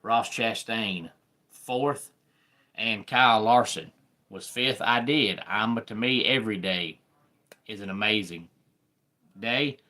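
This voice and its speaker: A man with a Southern accent hosting a live sports talk stream, chatting with viewers in an unhurried way. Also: lowish voice, sharp tone. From American South. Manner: unhurried, greets viewers by name.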